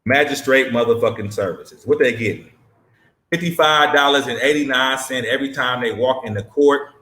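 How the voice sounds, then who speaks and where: A man's voice: mid-range voice, normal speed, bright, forceful tone, roomy sound. A man hosting and commenting on a clip in a blunt, emphatic, profane way. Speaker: host reacting to a clip. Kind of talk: casual commentary.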